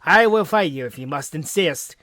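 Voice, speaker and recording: A man's voice: a little high, animated, moderate pace, bright, forceful tone, no room sound. A man voicing a boastful, proud male clan warden for a game, with pompous, grandiose declarations.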